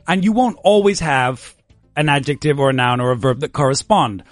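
A man's voice: mid-range voice, animated, normal speed, dry recording, faint music behind. A man teaching English vocabulary in a casual, playful lesson, encouraging his student and laughing often.

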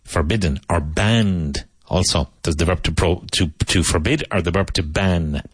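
A man from Ireland, teaching a vocabulary lesson and repeating each word slowly and clearly. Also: sits low, no room sound. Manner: slow, emphatic repetition of each word. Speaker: English teacher.

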